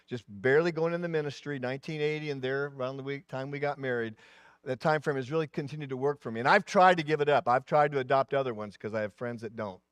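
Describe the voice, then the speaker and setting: Older guy pastor preaching a sermon, voice goes up and down, kinda high, dry mic. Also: clear, resonant tone, dry recording. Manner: animated preaching, voice rising and dropping, asides.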